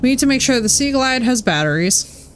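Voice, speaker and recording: A woman's voice: high voice, animated, fairly quick, noisy background. A woman live-streaming a game in casual chat, swearing freely and filling her talk with "like". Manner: chatty, swears freely, says "like" constantly. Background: faint game music.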